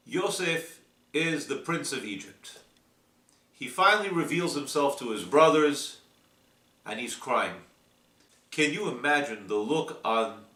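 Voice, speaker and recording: A man giving a slow, deliberate weekly Torah portion talk, reading Hebrew verses and explaining them. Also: medium pitch, sharp tone, roomy sound, distant mic. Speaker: Torah teacher.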